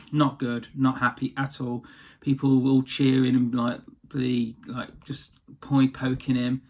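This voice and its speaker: A man's voice: mid-range voice, level tone, measured pace, darkish tone. Chatty man retelling a tale. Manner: chatty, slangy, loose. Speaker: storyteller. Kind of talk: casual retelling of a story.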